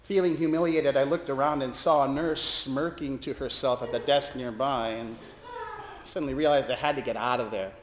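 A man's voice: medium pitch, normal speed, reverberant, slight background noise. A man, a chaplain, telling a personal story as a monologue with wry, self-deprecating humor. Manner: self-deprecating, wry, lively delivery with laughs.

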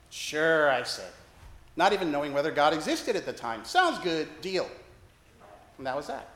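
A man's voice: fairly high pitch, very animated, moderate pace, long pauses, a bit bright, roomy sound. A man preaching a sermon as a priest, telling a story with wry, self-deprecating humor.

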